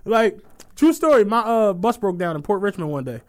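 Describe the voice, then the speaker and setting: Philly man, high voice, podcast co-host, animated storyteller who plays out the people he quotes; casual banter. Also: normal speed.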